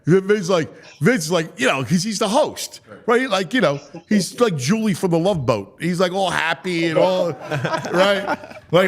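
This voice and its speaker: A man hosting a sports talk show, telling stories in an excitable way, his voice climbing high when he gets worked up. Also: a little slow. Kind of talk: animated podcast chat.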